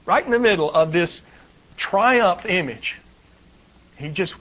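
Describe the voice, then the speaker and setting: A man's voice: high-pitched, animated, slow, a bit bright, dull audio. A middle-aged man preaching a sermon, reading scripture aloud and adding wry asides with chuckles. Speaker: pastor. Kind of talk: sermon, Bible teaching.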